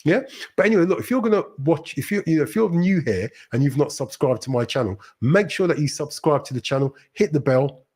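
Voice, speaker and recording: A man's voice: fairly high pitch, animated, fairly quick, darkish tone, slightly rough. A man hosting a casual live-stream vlog, talking emphatically to his viewers, often repeating phrases and checking in with "right?". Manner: rambling, restarts and repeats phrases. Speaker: channel host.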